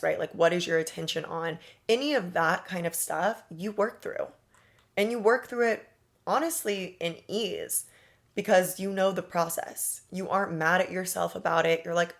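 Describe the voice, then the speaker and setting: Woman, manifestation coach, lowish voice, casual and emphatic, rhetorical questions. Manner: casual, emphatic, talks straight to the listener with slang and rhetorical questions. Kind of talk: motivational monologue.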